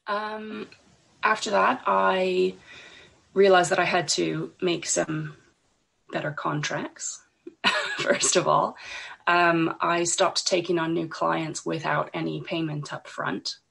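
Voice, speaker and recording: A woman speaking as a podcast guest, her voice croaky from a cold and rough with fry. She sits a little low in pitch and sounds husky. She talks in a hesitant way, full of ums and restarts. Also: little pitch movement, takes it slowly, fairly bright tone. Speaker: podcast guest, illustrator and designer. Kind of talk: casual interview talk.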